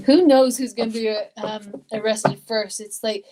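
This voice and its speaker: A woman's voice: fairly high pitch, steady tone, unhurried, heavy background noise. An older woman from Colorado giving a live tarot reading in an emotional, chatty way, reading viewer comments aloud. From Colorado, USA. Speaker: tarot reader.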